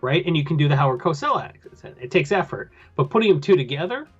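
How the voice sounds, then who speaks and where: A man's voice: fairly high pitch, sing-song, fast talker, husky, highs cut off, soft background music. Rambling man on a podcast. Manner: rambling, loose with filler words. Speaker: podcast host. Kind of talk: casual chat.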